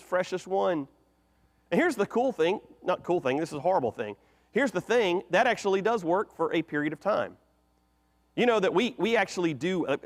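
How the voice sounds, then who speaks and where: A male pastor, preaching a conversational sermon with animated rhetorical questions into a microphone. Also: on the high side. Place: church sanctuary. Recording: echoey church hall.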